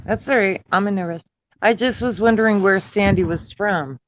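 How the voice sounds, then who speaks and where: A man's voice: high voice, normal speed, slight background noise. A man in his fifties speaking earnestly in a casual group voice chat, rambling with a defiant streak. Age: 50s. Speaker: chat participant. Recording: dull lo-fi online call audio.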